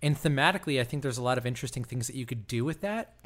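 A man's voice: mid-range voice, rapid-fire. A man co-hosting a podcast in casual chat, thoughtful with playful jokes. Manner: thoughtful, joking, animated. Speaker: podcast co-host.

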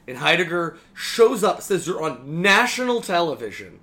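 A young man co-hosting a podcast, ranting casually about a video game in a sarcastic, animated way, swearing freely and acting out lines. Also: fairly high pitch, moderate pace. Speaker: podcast co-host. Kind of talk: casual game critique chat.

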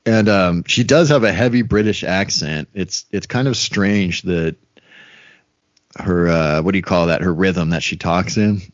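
Deep-voiced and a little slow, this podcast co-host rambles casually, stuffing his talk with fillers and acting out quotes. The sound is dry, dull, and lo-fi.

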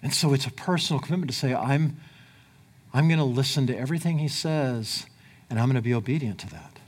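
A man preaching a sermon in a conversational way, swinging between loud emphatic lines and quiet low ones. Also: a little fast, slightly rough. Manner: conversational, with fillers like "like" and "right?". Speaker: pastor.

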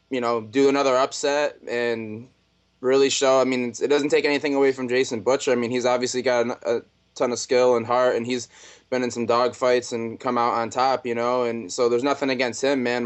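A man being interviewed over a video call, casual and animated as he recounts stories. His pitch sits in a middle range, and his delivery stays relaxed throughout. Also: brisk, clean tone. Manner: laid-back, animated storyteller. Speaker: fighter guest.

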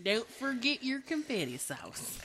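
Giggling and bubbly, a woman vlogs with her dog, asking it playful, silly questions in casual chat. Her voice sits a little high with big pitch swings, unhurried and sharp in tone.

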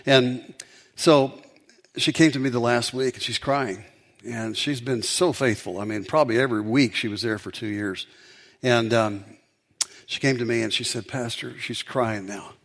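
A man's voice: mid-range voice, moderate pace, vocal fry. A man, a pastor, preaching a sermon and telling a story, building up to emphatic peaks.

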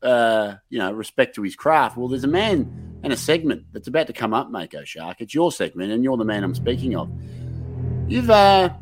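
A man's voice: mid-range voice, very animated, moderate pace, music in the background. A man with an Australian accent hosting a comedy podcast, rambling and hyping things up with lots of fillers. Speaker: podcast host. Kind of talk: casual comedic podcast banter.

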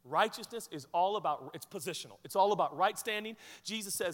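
A man preaching a sermon as pastor, animated, swinging from quiet asides to shouted peaks. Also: sits high, brisk, few pauses. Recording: hall reverb.

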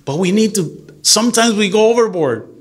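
A middle-aged man who is a deacon, giving an earnest, animated church talk to a group and mixing English with Spanish. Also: high-pitched, brisk.

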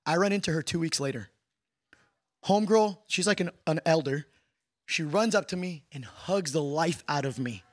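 A man leads a casual sermon-style lesson, his voice sitting high and lively. He jumps into playful asides to his audience. The sound is dry and close, with no room echo. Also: moderate pace. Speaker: preacher teaching a class on prayer. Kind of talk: conversational sermon teaching.

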